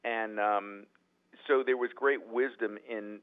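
A man who is a writer-director telling animated stories in an interview, often restarting his sentences. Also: on the low side, slow. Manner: animated, acts out quotes, frequent restarts. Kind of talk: anecdotal storytelling in a podcast interview. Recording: tinny phone-like line.

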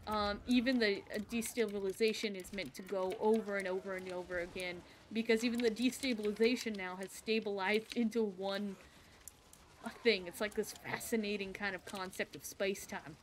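A woman streaming a video game, chatting casually and excitedly with her viewers as she plays. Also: mid-range voice, normal speed, a little hiss or hum. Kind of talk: casual live-stream chat.

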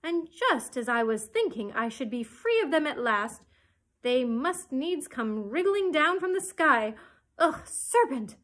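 A woman voicing a shrill, scolding pigeon. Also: sing-song, normal speed, slightly rough. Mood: shrieking. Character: fretful, shrieking female pigeon guarding eggs. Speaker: children's librarian reading aloud.

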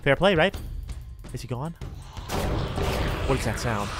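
A man narrating his own game roleplay in an excitable way, often yelping and panicking as things chase him. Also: mid-range voice, moderate pace, pauses often. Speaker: gamer doing a roleplay. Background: game music.

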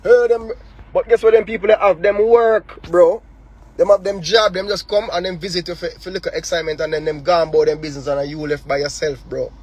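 A man with a Jamaican accent addresses someone directly over a phone livestream, speaking heated patois full of repetition and rhetorical questions. His voice is slightly husky and sits a little high for a man, and he presses his points with fervour. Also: fairly even intonation, a little fast, a little mellow, low-quality recording. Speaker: artist on a live stream.

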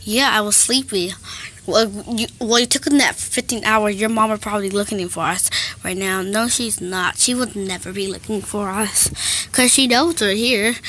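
A woman's voice: medium pitch, bright, forceful tone, a little hiss or hum. A woman vlogger acting out casual, chatty doll scenes with frequent sighs. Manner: casual, sighing, chatty dialogue between toys.

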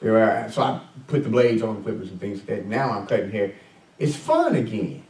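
A man's voice: on the low side, steady tone, fast talker, darkish tone. A male pastor preaching a conversational sermon, full of fillers and questions to the congregation. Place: church sanctuary. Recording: echoey church room, mic at a distance.

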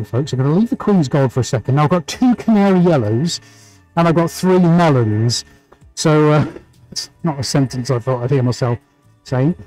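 A chatty man talks viewers through his painting on a live stream. His voice sits a little high, he laughs easily and reads out greetings by name. Soft music plays in the background. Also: rough recording. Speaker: livestream painting host.

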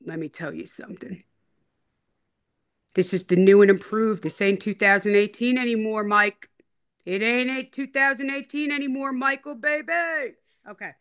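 A woman's voice: a little high, moderate pace, a bit bright, smooth. A woman interview guest in a casual chat, rambling, repeating herself and teasing in a playful way. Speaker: interview guest telling her story.

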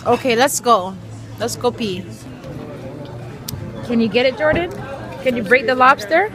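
A young woman with a high, bright-pitched voice vlogs over a family dinner, joking, teasing and bossing the table around with a laugh close at hand. She talks into a handheld camera in a restaurant while music plays clearly behind her. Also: animated, unhurried. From Canada. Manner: playful, teasing, bossy mom talk with frequent laughs. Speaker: vlogger. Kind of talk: casual family vlog chat.

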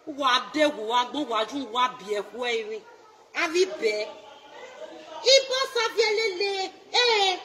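A Nigerian woman in a loud, taunting social media rant, mocking and laughing between her jabs. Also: high voice, expressive, measured pace.

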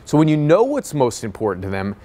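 A business coach with a slightly high voice gives a brisk, motivational sales lesson. He's energetic, tells stories, and acts out the voices of the people in them.

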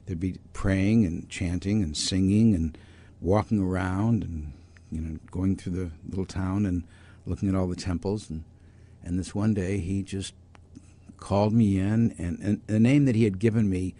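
An older man, a doctor and author, tells stories in an interview at normal speed in a low voice. He's animated, acting out quoted voices and frequently restarting his sentences.

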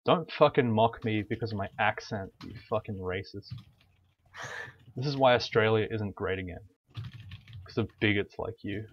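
A man's voice: fairly low pitch, normal speed, long pauses. A young man gaming and chatting casually, with profane, sarcastic banter. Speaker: gamer. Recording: dull lo-fi mic with faint hiss.

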